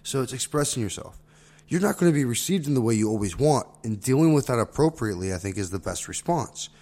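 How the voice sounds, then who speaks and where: A man's voice: medium pitch, animated, fast, a little mellow. A man co-hosting a casual conversation, reflective and circling back on his points with frequent "right?" tags. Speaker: podcast co-host. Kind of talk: casual conversation about relationships and therapy skills.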